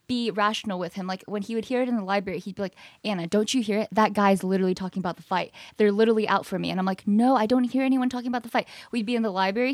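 A young woman casually recounting a personal story, acting out the quoted dialogue with lively energy. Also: medium pitch, no echo, studio quality. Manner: animated, acts out quoted dialogue.

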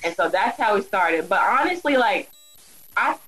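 A woman's voice: mid-range voice, lively intonation, normal speed, fairly bright tone, faint music behind, poor audio. A young adult woman chatting casually on a podcast, hesitant and searching for her words. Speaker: student and podcast guest.

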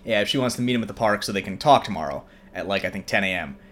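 A man's voice: on the low side, animated, very fast, fairly bright tone, slight background noise. Rambling young man recapping a movie. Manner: rambling, filler-heavy. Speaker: host.

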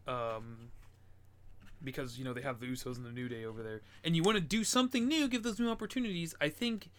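Bright-voiced excited man chatting. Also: mid-range voice. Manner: excited, swears a lot, jokey. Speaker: podcast co-host. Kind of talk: casual wrestling chat.

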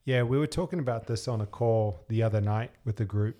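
Guy hosting a chat podcast, mellow warm low voice, laid back, lots of yeahs. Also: fairly quick. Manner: easygoing, encouraging, short agreeing replies. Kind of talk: casual interview chat.

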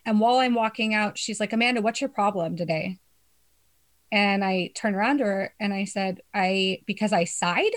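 A woman's voice: medium pitch, fairly even intonation, normal speed. A young woman in casual chat with friends, telling a story with lots of swearing and laughter.

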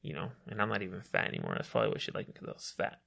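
A man's voice: lowish voice, very fast, creaky, fairly bright tone. A young man, rambling in casual chat, heavy on "like" and "dude".

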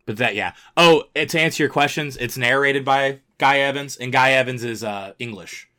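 A man with a mid-pitched, bright voice in easygoing podcast chat. He leans on fillers and pauses while he works out what he wants to say. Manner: relaxed, hesitant, many fillers. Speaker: podcast co-host. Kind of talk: casual chat.

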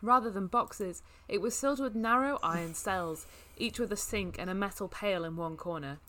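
A woman's voice: medium pitch, normal speed, sharp tone. A woman reading a novel aloud as a comedy bit, with laughing asides. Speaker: reader.

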